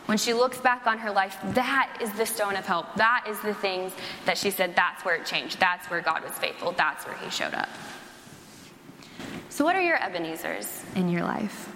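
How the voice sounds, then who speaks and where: A young woman who works at a church preaches a sermon and tells a personal story in a chatty, casual way, saying "like" a lot. Her mid-range voice is animated, bright, and forceful, at a normal speed. She's in an echoey hall, with slight background noise.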